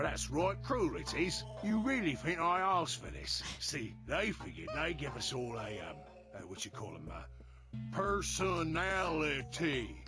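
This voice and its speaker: A man voicing a chatty male robot laborer with a Cockney accent, cheeky and folksy, grumbling about his lot in a video game. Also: medium pitch.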